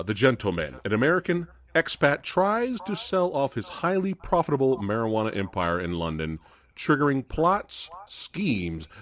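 Animated low-voiced male podcast host. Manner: animated, laughs often, reads out viewer comments. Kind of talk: casual live chat.

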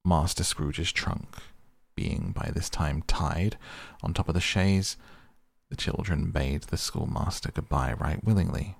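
A man's voice: extremely low pitch, big pitch swings, gravelly, dry recording. A man narrating a classic novel as a soothing bedtime sleep story. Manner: soft, slow, soothing. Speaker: podcast reader.

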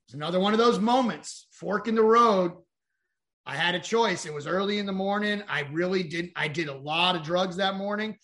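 Male guest, higher-than-average bright voice, candid storyteller who rambles and swears. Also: expressive, normal speed. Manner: rambling, frank, swears, acts out quoted dialogue. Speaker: podcast guest.

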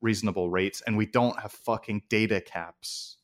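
A man from Denmark talks in a casual stream chat, his voice sitting a little low. He is blunt and opinionated and swears without a second thought. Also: fairly even intonation, normal speed.

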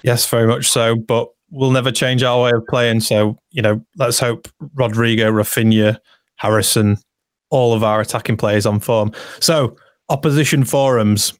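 A man co-hosting a football podcast in a chatty, easygoing way, reading listener comments aloud. His voice sits at an ordinary middle pitch. The sound is dry and close, with no room around it. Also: steady tone, moderate pace, dry recording. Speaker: podcast co-host. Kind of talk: casual football podcast chat.

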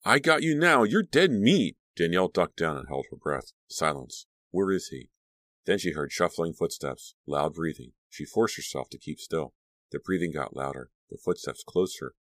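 A man narrating an audiobook with a dramatic, expressive reading. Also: extremely low pitch, normal speed, no echo.

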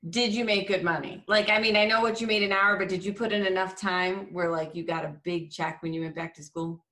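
A woman's voice: fairly low pitch, steady tone, a little fast, pushed and bright. A woman hosts a casual conversation. She asks direct and curious follow-up questions in an easy, everyday tone. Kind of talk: casual chat.

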